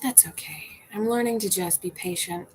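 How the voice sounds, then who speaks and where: A woman's voice: medium pitch, normal speed, a little hiss or hum, low-quality recording. A woman bartender chatting casually to viewers on a livestream, laughing often and swearing freely. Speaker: bartender and comedian hosting a livestream.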